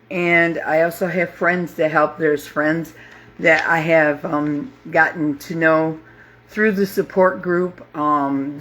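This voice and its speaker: Slow, halting woman in her fifties. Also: deep voice, a bit bright. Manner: slow, halting, with many pauses and fillers; heartfelt, openly emotional. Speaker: grief support group host. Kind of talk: live casual talk to viewers.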